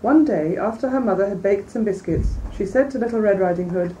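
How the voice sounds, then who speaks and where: Female reader-lecturer, measured and clear, mellow tone; mic set back, faint hiss behind. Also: medium pitch. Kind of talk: storybook reading, then lecture commentary. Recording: distant mic, faint background noise.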